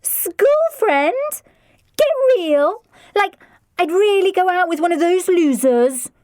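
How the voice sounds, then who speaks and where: A woman's voice: extremely high pitch, big pitch swings, measured pace, a little mellow, no room sound, studio quality, voice pushed up, exaggerated voice. A woman voicing a whiny, spoiled fifteen-year-old girl who speaks scathingly. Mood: whiny petulant. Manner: whining, scathing.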